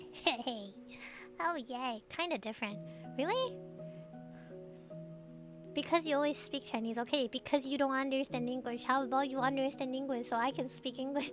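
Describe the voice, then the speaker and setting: Over music, a woman from Taiwan whose native language is Mandarin chats casually on a late-night stream. Her voice is high and a little slow, and she laughs often while responding to chat messages.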